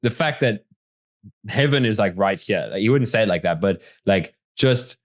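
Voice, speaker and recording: A man's voice: lowish voice, animated, moderate pace, dry recording, studio quality. A man as the guest in a casual interview, talking reflectively and animatedly with many fillers.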